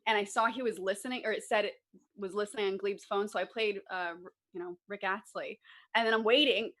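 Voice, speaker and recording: A woman co-hosting a comedy show, telling a chatty, animated anecdote in casual talk. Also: mid-range voice, brisk. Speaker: co-host. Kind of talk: casual storytelling.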